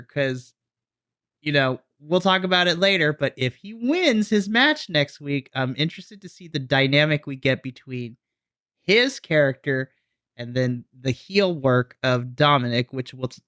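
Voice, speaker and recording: Excitable bright-voiced man recapping wrestling. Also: fairly high pitch, clear, resonant tone, no room sound, studio quality. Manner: excitable, animated storytelling with quoted asides. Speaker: podcast co-host. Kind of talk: casual wrestling recap chat.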